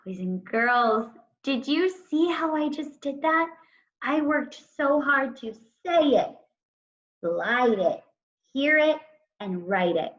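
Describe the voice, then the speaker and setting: A woman teacher talks young children through a writing lesson at an unhurried pace. She speaks deliberately and draws out the sounds of words one at a time. The recording is dull and lo-fi. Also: high voice, animated. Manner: slow, deliberate, stretching out word sounds.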